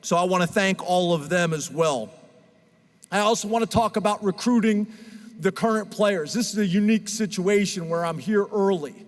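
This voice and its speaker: A man's voice: high voice, in a large hall. A man speaking as head coach at a press conference, earnest and emotional, with frequent fillers and restarts.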